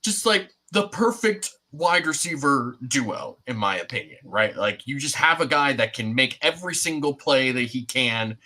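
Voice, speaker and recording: A young man co-hosting a sports podcast, talking in a loose, rambling way with plenty of fillers. His voice is bright and forward. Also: mid-range voice, expressive, normal speed, hardly any pauses. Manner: rambling, many fillers and restarts. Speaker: podcast co-host. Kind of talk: casual sports chat.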